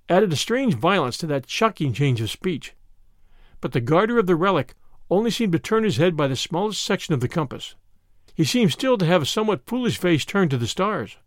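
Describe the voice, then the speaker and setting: Man narrating a classic story, expressive. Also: on the high side, dry recording, clean studio sound. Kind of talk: audiobook reading of a classic story.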